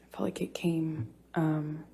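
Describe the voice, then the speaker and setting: A woman testifies from a courtroom witness stand in a low, mellow voice. She speaks very slowly and haltingly, breaking off and restarting her sentences. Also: flat delivery, vocal fry. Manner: halting, with many restarts and pauses. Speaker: trial witness.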